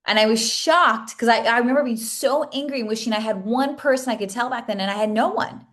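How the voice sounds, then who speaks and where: With a fairly bright voice on the high side, a woman coach in her thirties speaks briskly to her masterclass. Her personal story is earnest and emotional, sometimes tearful, full of restarts.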